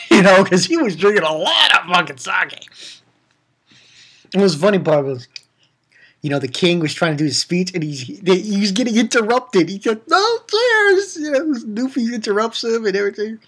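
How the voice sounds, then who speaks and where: Animated, rambling man recapping an anime episode. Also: sits high, normal speed, long pauses, breathy edge. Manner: rambling, laughing, swearing, acting out quotes. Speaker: anime reviewer.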